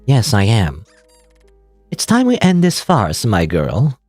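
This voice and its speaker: Man voicing steady, admonishing female companion, low and measured; dry close sound. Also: no room sound, faint music behind, heavily acted. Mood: stern.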